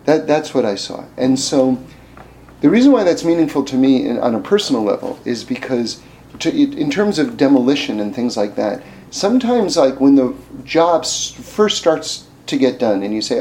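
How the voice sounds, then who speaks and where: A man telling a personal story with a lesson in a casual, animated way, full of fillers and restarts, rising high and loud when he makes his point. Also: normal speed.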